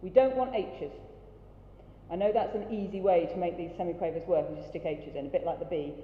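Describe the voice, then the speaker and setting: Brisk, encouraging choir director in a reverberant hall, dull lo-fi recording. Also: female voice, on the low side. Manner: encouraging, brisk, demonstrates sounds. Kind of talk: rehearsal coaching. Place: large rehearsal hall. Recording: dull roomy hall recording, faint ambience.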